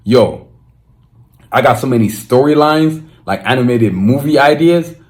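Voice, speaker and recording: A young man talks through his own podcast in a relaxed, unscripted way. He sounds excited and emphatic, full of slang, and he restarts his sentences often. His voice sits at a middle pitch. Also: unhurried. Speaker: podcast host. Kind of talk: casual solo podcast monologue.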